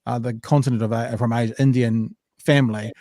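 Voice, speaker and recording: A man's voice: medium pitch, steady tone, fairly quick, dark tone, no echo, studio quality. A man co-hosting a casual podcast chat, rambling and joking, often breaking off mid-sentence. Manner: rambling, self-interrupting, loose and joking. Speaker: podcast co-host.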